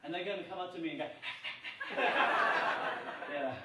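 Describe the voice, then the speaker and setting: High-voiced man speaking in an echoey hall. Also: rapid-fire, a bit bright. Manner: playful, storytelling, gets laughs. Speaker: keynote speaker. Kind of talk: humorous conference speech. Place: large conference hall. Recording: echoey hall from a distant mic.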